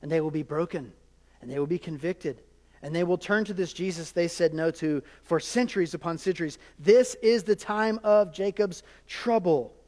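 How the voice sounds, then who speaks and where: A male pastor preaching a sermon in an animated, conversational way, often checking in with his congregation. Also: on the high side, moderate pace. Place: large church hall. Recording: hall reverb.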